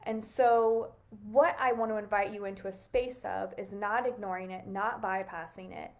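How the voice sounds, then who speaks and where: A woman's voice: mid-range voice, steady tone, normal speed, darkish tone. A woman, hosting a reflective spiritual livestream, talking earnestly in a musing, casual way full of "like" and small laughs. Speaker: livestream host.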